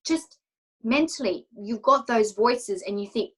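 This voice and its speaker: A woman coach speaks candidly in an interview, her voice sitting somewhat high. She is emotional and open, slipping into the voice of her own inner thoughts as she tells her story. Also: expressive, a little slow, a bit bright, a little hiss or hum, low-quality recording. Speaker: confidence coach, interview guest.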